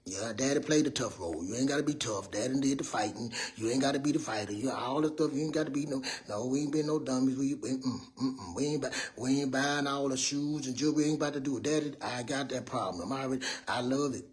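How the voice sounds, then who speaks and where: A man in his fifties giving a rambling, preachy motivational talk as a mentor, loud and earnest. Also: mid-range voice, fast, hardly any pauses. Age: 50s. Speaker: mentor speaking to young people. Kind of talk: motivational monologue.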